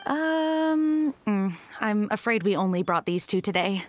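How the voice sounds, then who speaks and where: Woman voicing a brisk, dutiful film assistant. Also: medium pitch, animated, slight background noise, natural voice. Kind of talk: fan voice dub.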